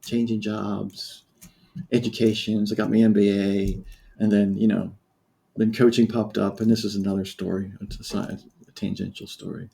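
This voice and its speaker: A man from the United States in his fifties, speaking as a podcast guest. His voice is gravelly and dark-toned. He tells his story candidly and reflectively, often breaking off and restarting his sentences. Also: on the low side, little pitch movement, normal speed. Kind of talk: personal storytelling in a podcast interview.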